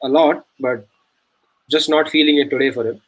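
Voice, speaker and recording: A man's voice: mid-range voice, fairly even intonation, normal speed, a bit bright, rough recording. A man co-hosting a cricket watch-along, chatting casually, telling stories with a laugh and swearing freely. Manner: laughing, swears, tells anecdotes. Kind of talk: casual live-stream chat and commentary.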